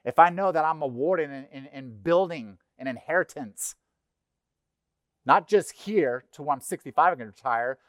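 A middle-aged man preaching a sermon in a conversational, animated way, acting out little voices. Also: fairly high pitch, no echo, clean studio sound. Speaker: pastor. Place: church.

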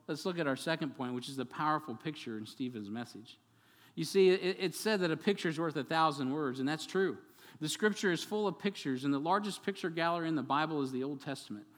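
A man preaching a sermon as pastor, animated and conversational, acting out quotes and adding asides to the congregation. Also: medium pitch, big-room sound. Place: church sanctuary.

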